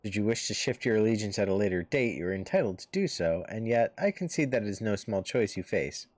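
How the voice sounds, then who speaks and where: A composed woman leader of a heroes' order, read aloud by a man streaming a game. The delivery is formal and measured, like a storybook read-aloud, with a lowish pitch. The sound is dry and close to the mic. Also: lively intonation, a little mellow, no echo.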